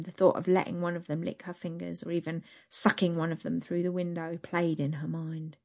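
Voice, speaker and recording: A woman narrates an adult story in a slow, intimate reading voice. Her pitch is notably low for a woman, giving the telling a deep, close feel.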